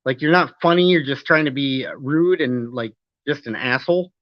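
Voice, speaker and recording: A streamer with a mid-range voice goes through his chat at a moderate pace, rambling and arguing in his answers and cursing on occasion. The recording is dry, and the stream audio is dull and lo-fi.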